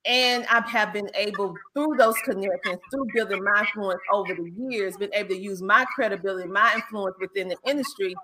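A woman's voice: mid-range voice, noisy background. A woman from South Carolina with a Southern accent, a business coach chatting as a guest on a show and laughing often. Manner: animated, laughs often, drawn-out Southern speech. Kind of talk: casual interview chat.

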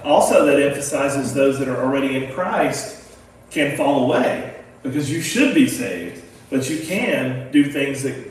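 A man leading a casual Bible discussion in a folksy, emphatic way, often asking rhetorical questions. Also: medium pitch. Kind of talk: casual Bible study talk. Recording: echoey room, distant mic, faint noise.

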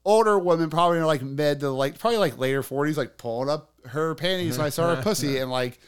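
A man's voice: fairly high pitch, fast, smooth. A man co-hosting a podcast, telling a long, rambling, profane story packed with filler words. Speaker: podcast co-host. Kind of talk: casual storytelling chat.

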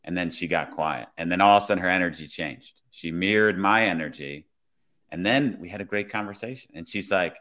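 A man, a police officer, telling a work story in a relaxed, conversational way. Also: low-pitched, fairly quick. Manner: relaxed, conversational, many "I was like" retellings. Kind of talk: casual storytelling.

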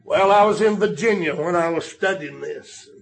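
An older man preaching a sermon, telling stories and rising to shouted emphasis on key lines. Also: high voice, normal speed, vocal fry.

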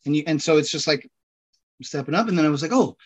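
Animated Californian man, rambling and loud. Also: fairly high pitch, fast, husky, highs cut off. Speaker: podcast guest. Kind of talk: casual conversation.

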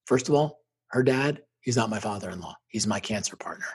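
Husky-voiced middle-aged man, emphatic. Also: on the low side, expressive, brisk. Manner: emphatic, intense, punchy repeated phrases. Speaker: guest, motivational speaker. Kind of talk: emotional personal storytelling.

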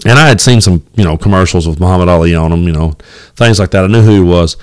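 Low-voiced East Tennessee podcast host. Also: male voice, fast, no room sound. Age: 40s. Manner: rambling and folksy, with many fillers and cussing. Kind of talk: casual solo podcast monologue. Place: home, at his kitchen table. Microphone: home recording setup.

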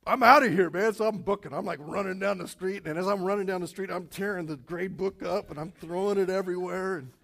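A man preaches to his church, slipping into a loose, animated story full of "you know" and "I mean". His voice sits a little high for a man. He moves from the tale into plain sermon teaching. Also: fairly quick, gravelly, few pauses. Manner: animated storytelling with many fillers. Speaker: pastor. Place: church auditorium.

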